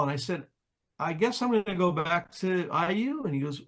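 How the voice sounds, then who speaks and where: Older male guest, slightly high voice, chatty storyteller, restarts a lot. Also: normal speed. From New Jersey, US. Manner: animated anecdotes, acts out quoted voices, frequent restarts. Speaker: interview guest, jazz pianist. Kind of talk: casual storytelling.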